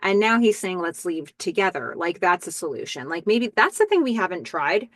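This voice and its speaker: A woman's voice: lowish voice, sing-song, moderate pace, a bit bright, dry recording. A woman hosting a podcast, recapping a TV episode in casual talk and quoting the characters in her own voice. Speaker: podcast host.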